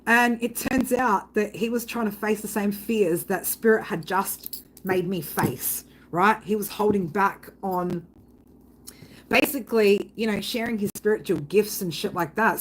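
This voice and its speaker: A woman's voice: mid-range voice, husky. Woman, psychic reader vlogging, casual storytelling, blunt and sweary, rambling. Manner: rambling, blunt, swears freely, frequent "right?".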